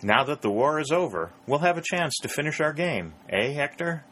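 A man's voice: on the high side, very animated, normal speed, fairly bright tone, a little hiss or hum, pitched above the performer's own voice. A man reading the lines of a courtly older Southern colonel in a storybook, speaking with formal, gracious phrasing. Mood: genial.

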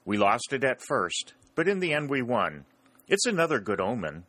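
A man's voice: mid-range voice, sing-song, normal speed, a bit bright, dry recording, pitched above the performer's own voice. A man voicing an eager, hopeful young Union soldier in a storybook reading, earnest in tone.

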